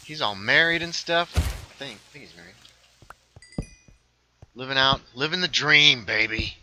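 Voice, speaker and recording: A man's voice: mid-range voice, background noise. A man hosting a casual gaming livestream, rambling along and reading viewer chat aloud. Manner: rambling, reads chat aloud, quick asides. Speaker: livestream host playing a game.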